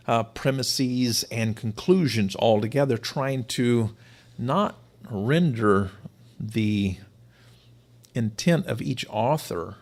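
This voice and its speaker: A man teaching to a live audience, explaining his points emphatically and sometimes repeating words for stress. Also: lowish voice. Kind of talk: live-streamed lecture.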